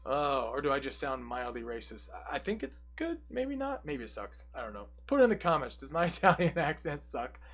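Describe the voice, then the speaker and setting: A fairly high-voiced young man talks through a card deck one card at a time. He reads the card text in a steady run, then breaks off into quick, joking asides in a casual, chatty tone. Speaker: deck tech presenter.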